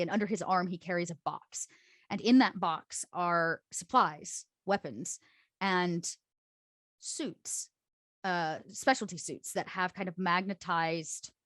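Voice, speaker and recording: A woman's voice: on the low side, no echo, studio quality. A woman narrating as game master in a tabletop game, descriptive and filler-heavy.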